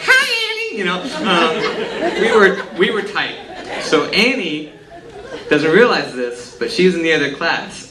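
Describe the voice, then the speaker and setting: A man in his twenties from Texas telling a comic story to a live audience, with a wry, self-mocking delivery. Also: a little high. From Texas, USA. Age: 20s. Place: stage at a live storytelling event. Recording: echoey room, distant mic, faint hiss.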